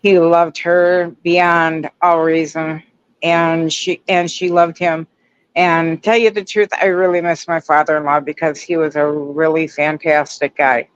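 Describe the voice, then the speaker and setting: Casting: caller, slow and halting, smooth voice, dull lo-fi line. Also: medium pitch, level tone, no echo.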